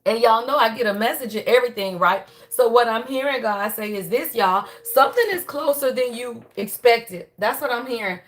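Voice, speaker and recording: A woman hosting a casual spiritual reading livestream, talking to viewers in an animated, chatty way with a tired, strained voice. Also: a little high, normal speed, hardly any pauses. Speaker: spiritual reader and channel host.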